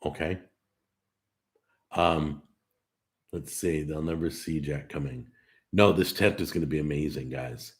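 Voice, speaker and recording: Male live-stream host with a low, deep voice, casual and chatty with viewers, animated and full of restarts. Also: measured pace, long pauses. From California. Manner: talkative and animated, with frequent restarts. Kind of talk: casual live stream chat, reading and answering viewer comments.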